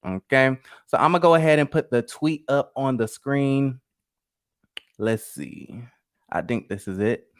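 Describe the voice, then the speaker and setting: A man hosting a live gossip stream, chatty and sassy, talking straight to his chat. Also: on the high side. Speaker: host of a live gossip show. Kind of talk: casual live-stream commentary.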